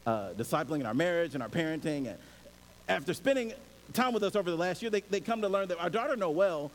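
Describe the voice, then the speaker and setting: A man's voice: a little high, fast talker. A male pastor preaching a conversational sermon, acting out scenes as he goes, in a reverberant hall with faint hiss. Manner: animated and conversational, acts out scenes.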